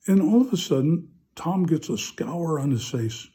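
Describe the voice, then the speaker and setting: Man, parish priest, relaxed chatty homily, very dark mellow tone, slightly high voice. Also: normal speed, husky. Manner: relaxed, chatty storyteller, many uh fillers. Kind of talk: homily with a humorous story.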